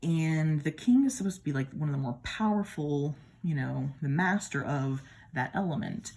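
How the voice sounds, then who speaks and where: With a deep, expressive and slightly mellow voice at a moderate pace, a Midwestern-accented woman casually compares tarot decks at home. She gushes chattily about them and adds playful asides.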